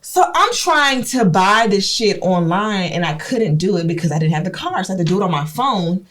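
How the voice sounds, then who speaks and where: A young woman co-hosting a podcast, telling stories in casual chat, animated and swearing, acting out what people said. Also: medium pitch, fairly quick. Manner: animated, swearing, acts out quotes. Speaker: podcast co-host.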